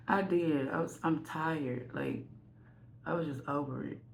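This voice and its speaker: A woman vlogger with a deep voice and vocal fry speaks slowly, telling a candid, rambling, self-deprecating story at home while she gets ready. There's a little hiss or hum in the recording.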